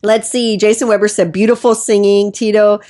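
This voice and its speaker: A woman's voice: medium pitch, flat delivery, fairly quick, mellow. A woman hosting a casual interview, chatty and frank, who laughs often. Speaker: host.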